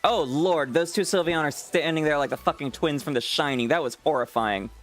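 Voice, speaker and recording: A man's voice: a little high, brisk, hardly any pauses, fairly bright tone, soft background music. A man streaming a game and chatting with viewers, teasing them, swearing freely and laughing often. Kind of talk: casual live-stream chat with viewers.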